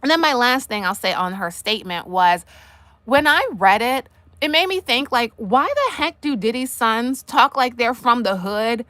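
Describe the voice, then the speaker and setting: A woman hosting a casual commentary livestream, animated and sassy, tossing asides straight at the people she discusses. Her voice sits fairly high. The sound is dry and close, with no room around it. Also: normal speed, no room sound. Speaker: livestream host.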